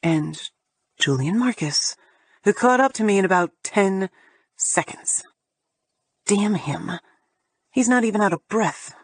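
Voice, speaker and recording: A woman's voice: mid-range voice, animated, unhurried, no echo. Sardonic woman narrating a romance audiobook. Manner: sardonic, profane, emphatic.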